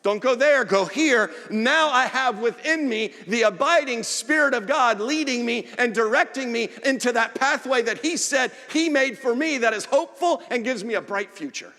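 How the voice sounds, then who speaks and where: High-voiced preacher in a reverberant church hall. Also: male voice, normal speed, hardly any pauses, pushed and bright. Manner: earnest preaching with acted-out asides. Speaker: pastor. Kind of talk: sermon. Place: church sanctuary.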